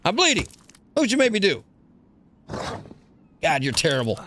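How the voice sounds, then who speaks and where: A man hosting a let's play, rambling crudely and joking to himself over loud game sounds. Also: high-pitched, wildly swooping pitch, normal speed, pauses often, a little hiss or hum. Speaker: gaming channel host. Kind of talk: casual let's play commentary.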